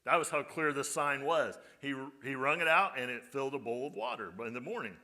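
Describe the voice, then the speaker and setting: A male pastor with a medium-pitched, sharp-toned voice speaks briskly in a conversational sermon. He often puts rhetorical questions to his congregation.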